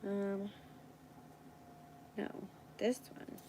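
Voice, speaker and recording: A woman hosts a casual live stream, talking slowly and unhurriedly as she thinks aloud and checks in with her viewers. Her voice sits at an ordinary middle pitch, with a faint hum of background noise behind her. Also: little pitch movement, dark tone, rough recording. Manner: thinks aloud while working, chats with viewers.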